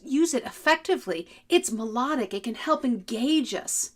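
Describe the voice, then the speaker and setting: A woman giving an instructional talk as a communication trainer, lively and melodic, demonstrating voices as she goes. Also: fairly high pitch, normal speed, few pauses.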